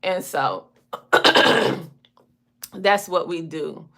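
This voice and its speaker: A woman's voice: low voice, sing-song, extremely slow, fairly bright tone. A woman from a small Southern country town with a Southern twang, chatting casually as a podcast host and telling down-home stories. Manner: chatty storytelling, down-home phrasing. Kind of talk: casual chat.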